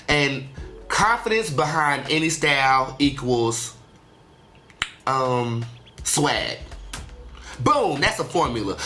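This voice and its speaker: A young adult host giving a casual solo monologue on a radio show, animated and chatty, often tagging sentences with "okay?" and "honey". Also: medium pitch.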